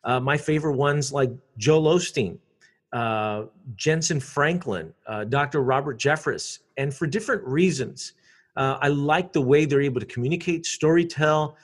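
A man, a public speaker chatting casually in an interview, animated and quick to repeat words. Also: fairly high pitch.

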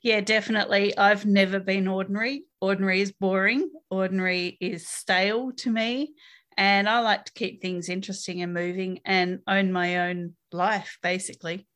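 A woman's voice: mid-range voice, flat delivery, normal speed, a bit bright. A woman with an Australian accent, a podcast guest, answering interview questions in a frank, upbeat way with small laughs.

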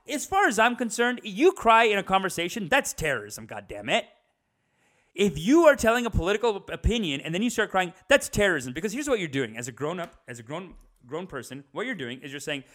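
A man's voice: high-pitched, big pitch swings, a little fast, fairly bright tone. A man ranting in a comedic style, casual and profane, who repeats himself and slips into mocking voices. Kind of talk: comedic rant.

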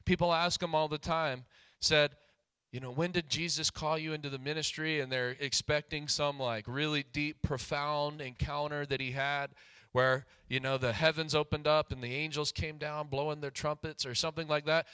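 A high, bright male pastor delivers a sermon, often swelling into shouted calls and hallelujahs. His voice is close and dry with no room sound. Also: fairly even intonation, normal speed, clean tone, no room sound. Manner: preaches with rising shouts and repeated hallelujahs.

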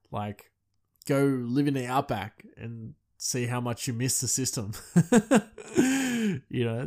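A man's voice: mid-range voice, a little mellow. Laid-back rambling man. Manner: loose and chatty, full of "you know" and "like", laughs often. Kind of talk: casual rambling chat.

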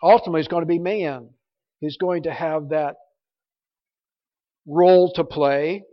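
Preaching verse by verse, this pastor has a fairly high, fairly even voice and keeps a measured pace. His delivery is emphatic, with words repeated for stress, captured in a muffled recording from a reverberant hall.

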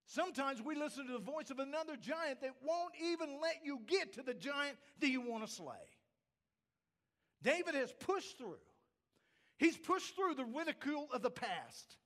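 A man's voice: extremely high pitch, expressive, normal speed, a bit bright. A man preaching a sermon, emphatic, asking the congregation rhetorical questions. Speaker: pastor.

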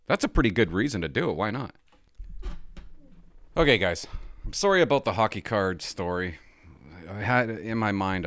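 A man rambles through a casual podcast monologue in a low voice that rises and falls a great deal. He pokes fun at himself as he goes. The sound is dry and close, with no room around it. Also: no echo. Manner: rambling, self-deprecating. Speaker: podcast host.

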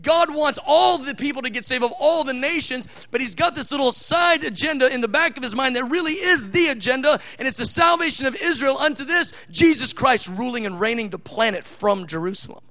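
A man preaching a sermon, teaching from scripture with fervent emphasis, rushing asides and slowing down to stress key phrases. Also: very high-pitched, lively intonation, pushed and bright.

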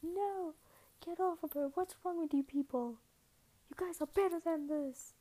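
A stern old granny who scolds loudly and protectively, as a woman puts her on. Her voice is pitched high and raised in volume, yet it keeps a mellow tone. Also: unhurried. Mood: scolding.

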